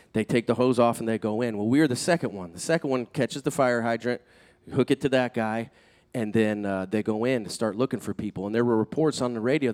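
A man preaching a sermon, telling a personal story in an earnest, animated way that builds in intensity. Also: mid-range voice. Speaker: pastor.

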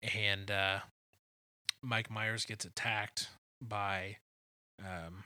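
A man's voice: flat delivery, very slow, pushed and bright, no room sound. A man co-hosting a casual movie chat, laughing often and breaking into quotes. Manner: laughs often, acts out movie quotes in high silly voices. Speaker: podcast co-host.

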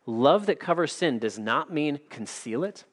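An earnest male pastor delivers a sermon, stressing his points with emphatic, measured phrasing. His voice sits somewhat high for a man, and he drifts easily into practical asides. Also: animated.

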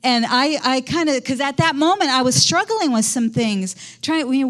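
A woman's voice: sits high, animated, normal speed, a bit bright. A middle-aged woman pastor preaching a conversational sermon in a church, quizzing the congregation as she goes.

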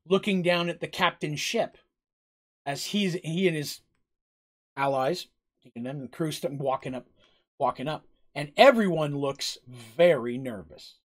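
Man, game master, casual rambling narration, higher-pitched voice. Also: measured pace.

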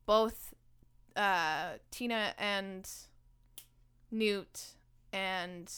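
Bright animated young woman co-host. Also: mid-range voice, very slow, smooth. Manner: animated, swears freely, acts out characters' lines. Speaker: podcast co-host. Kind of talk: casual movie recap chat.

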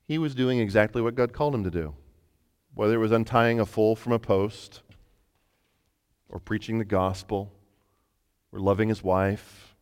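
A man preaching a sermon as pastor, telling a story with halting starts and repeated words. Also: fairly low pitch, smooth. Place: church sanctuary. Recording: long hall reverb.

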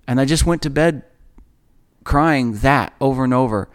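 A man in his forties telling a personal faith testimony in an earnest, emotional way, often halting and restarting. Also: medium pitch. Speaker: speaker sharing a personal testimony.

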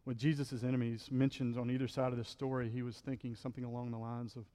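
A male pastor preaching a sermon in a relaxed, conversational way, often checking in with the congregation and acting out the quotes he reads. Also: mid-range voice, fast talker, big-room sound. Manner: conversational preaching, frequent "right?", acts out quotes.

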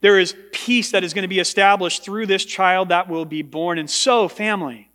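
A man's voice: sits high, fairly even intonation, moderate pace, pushed and bright. A male pastor preaching a sermon in a church, emphatic and repeating words for stress. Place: church sanctuary. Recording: long reverb of a large hall.

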